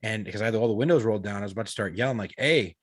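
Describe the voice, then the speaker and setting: A man's voice: on the low side, very fast, no room sound. A man in his thirties, a podcast co-host, telling a story in casual, profane talk full of quoted dialogue. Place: podcast studio.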